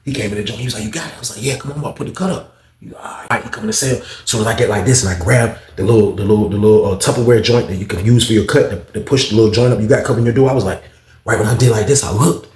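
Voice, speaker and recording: A man's voice: racing, echoey room, slight background noise. A man, telling a story in casual talk and acting out other people's lines. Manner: animated, acts out other people's lines with raised pitch, heavy profanity.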